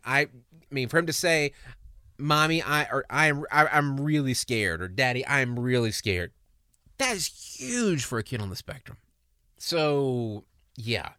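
Bright-voiced man telling an earnest story. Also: mid-range voice, no room sound, clean studio sound. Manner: earnest, emotional, halting. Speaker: podcast host. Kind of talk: personal storytelling on a podcast.

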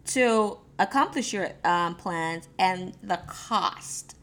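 A woman's voice: mid-range voice, expressive, slow, few pauses, a bit bright. A woman from Jamaica giving a casual motivational talk on goal setting, talking straight to her listeners with frequent fillers, repeated words and restarts. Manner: encouraging, addresses listeners directly.

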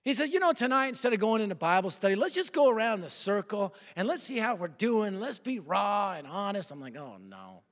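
A man in his fifties preaching a sermon and telling a personal story, animated, swinging between loud bursts and hushed confessional lines. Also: high-pitched, a little fast, hardly any pauses. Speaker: pastor. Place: large church hall. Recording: long hall reverb.

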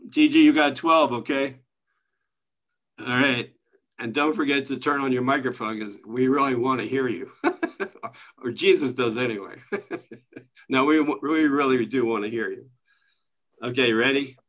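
A man leading a study group over a video call, easygoing and chatty, with a voice of middling pitch that is neither high nor low. He laughs lightly between remarks and keeps a loose, friendly teaching tone. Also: moderate pace, long pauses. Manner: relaxed, chuckling, conversational. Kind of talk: casual spiritual teaching.

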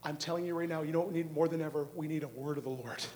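A middle-aged man preaching a charismatic sermon, asking the crowd questions and swinging from hushed, drawn-out words to shouting. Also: fairly high pitch, fairly even intonation.

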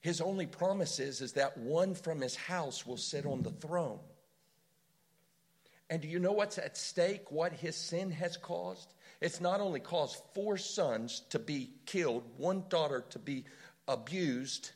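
A man's voice: a little high, unhurried. A man preaching a sermon with impassioned storytelling and rhetorical questions.

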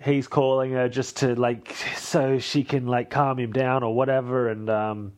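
A man's voice: mid-range voice, level tone, measured pace, darkish tone. A man hosting a podcast, recapping a film in a rambling, casual way with swearing and self-corrections. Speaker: podcast host.

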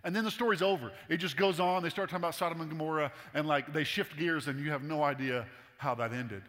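A man's voice: fairly high pitch, quick pace, fairly bright tone. A man preaching a sermon in a casual, humorous, conversational way to a congregation in a church. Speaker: pastor. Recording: long hall reverb.

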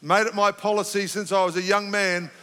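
Male pastor, high bright tense voice, fervent sermon delivery, big reverberant church sound. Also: brisk, clear, resonant tone. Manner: impassioned, rising to fervent emphasis then calming. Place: church sanctuary.

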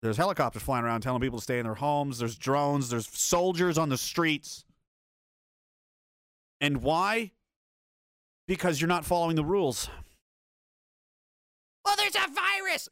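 A man's voice: fairly high pitch, a bit bright, no echo, studio quality. A man hosting a video commentary, ranting in an angry, blunt and profane way. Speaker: commentary host.

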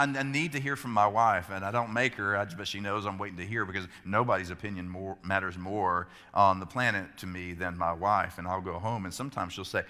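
A male pastor in his forties delivers a sermon in a bright, forceful voice. He preaches conversationally, poking fun at himself as he tells stories. His words ring out with the long reverb of a large church. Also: mid-range voice, expressive, moderate pace. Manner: conversational, self-mocking storytelling. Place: church sanctuary.

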